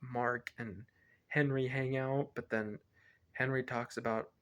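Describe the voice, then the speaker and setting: A man's voice: mid-range voice, fairly even intonation, a little slow, fairly bright tone. A man reviewing a film, retelling its plot casually in a rambling way and often correcting himself. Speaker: movie reviewer.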